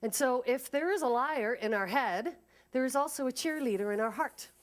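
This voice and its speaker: A woman's voice: sits high, normal speed. A woman speaker giving an inspirational talk at a spiritual service and leading the congregation in an affirmation. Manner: lively, leads the congregation in an affirmation.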